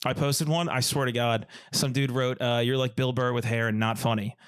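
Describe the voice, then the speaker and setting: A man's voice: mid-range voice, fairly even intonation, moderate pace, clean tone. Joking male podcast co-host. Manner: jokey, slips into mock accents. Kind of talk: casual comedic chat.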